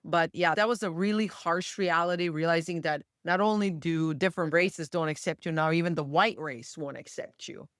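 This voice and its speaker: A woman from the Balkans with a Balkan accent, speaking as a guest coach in a casual podcast conversation, emphatic and quick to agree. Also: on the low side, fairly bright tone, dry recording, studio quality. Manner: emphatic, agreeing often with short yeps. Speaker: guest, cross-cultural coach.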